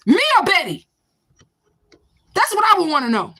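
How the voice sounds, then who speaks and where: A woman's voice: extremely high pitch, big pitch swings, moderate pace, bright, forceful tone. A woman in her forties in a confrontational, profane vlog rant, answering a commenter with repeated questions. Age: 40s. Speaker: vlogger. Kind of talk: ranting to camera.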